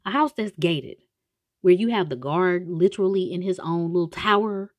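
A woman casually retelling a story with comedy, slangy and animated, with many asides. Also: lowish voice, moderate pace, no echo. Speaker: show recapper.

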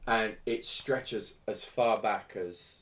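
Loud, animated podcast man. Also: fairly low pitch, slow. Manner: animated, talks loud, swears freely. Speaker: podcast co-host. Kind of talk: casual podcast chat. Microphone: podcast microphone.

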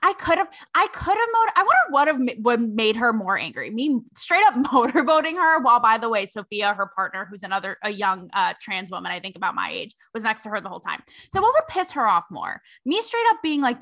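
A young adult woman hosting a podcast, telling a story in a sassy, slangy, animated way. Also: on the high side, fairly quick, vocal fry, hardly any pauses. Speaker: podcast host. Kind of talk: casual storytelling commentary.

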